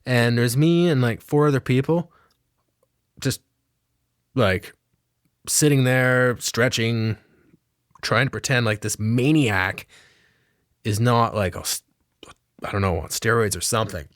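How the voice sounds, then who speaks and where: A man's voice: mid-range voice, a little slow, pauses often, no room sound, studio quality. A man telling a rambling, self-mocking comic story with lots of swearing.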